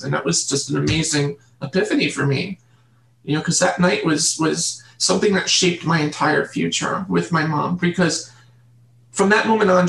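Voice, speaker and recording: A woman guest in an interview, telling her childhood story in an earnest, halting way and repeating words. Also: sits low, gravelly. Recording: roomy echo.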